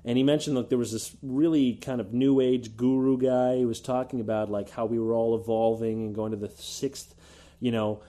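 A man's voice: mid-range voice, level tone, moderate pace, dark tone. A man co-hosting a podcast, ranting in a casual, sarcastic way, swearing freely and mocking others in put-on voices. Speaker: podcast co-host. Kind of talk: casual opinion rant.

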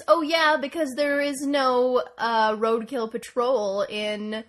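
A woman co-hosting a casual podcast, chatty and quick to laugh. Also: high voice, steady tone. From Calgary, Canada. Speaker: podcast co-host.

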